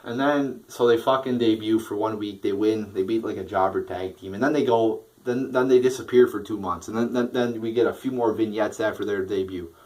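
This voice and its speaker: A man's voice: fairly low pitch, brisk, hardly any pauses, a little mellow, rough recording. A young man giving a casual, profane wrestling show review, rambling with fillers and restarts.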